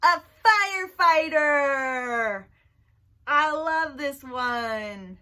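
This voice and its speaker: Woman, children's story time, bright tone, slow unhurried pace, playful, laughs a lot. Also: high-pitched. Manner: animated, playful, laughs often. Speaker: children's librarian. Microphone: camera mic in a library room.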